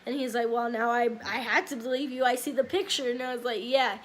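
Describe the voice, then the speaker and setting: A woman's voice: on the high side, steady tone, brisk, a little hiss or hum. A young woman vlogger telling a casual story time, rambling with many fillers. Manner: rambling, many likes and ums.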